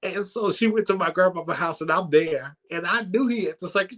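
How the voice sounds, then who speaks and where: A man hosts a church comedy night. He tells his story with lively energy and laughs along the way. His voice sits a bit high for a man. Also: fairly quick, hardly any pauses. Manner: animated, laughs while telling. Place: church sanctuary.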